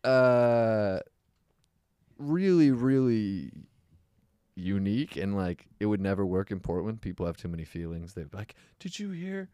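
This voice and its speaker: Low-voiced man telling comedy stories. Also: measured pace, dark tone, smooth, dry recording, studio quality. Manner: storytelling, acts out heckles in a raised voice. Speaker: comedian podcast co-host. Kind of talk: casual chat.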